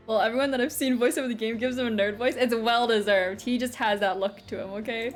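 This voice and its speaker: A woman's voice: on the high side, steady tone, quick pace, hardly any pauses, faint music behind. A young woman casually commenting on a game while playing, chatty and joking. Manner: chatty, joking, laughs often. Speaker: streamer.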